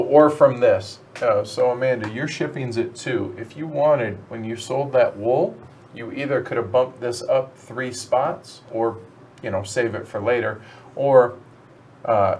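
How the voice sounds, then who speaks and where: A man's voice: mid-range voice, darkish tone, slight background noise. A man hosting a board game stream, chatting casually and explaining the rules to the other players as they play. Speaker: host teaching and playing a board game. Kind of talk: casual game-table chat.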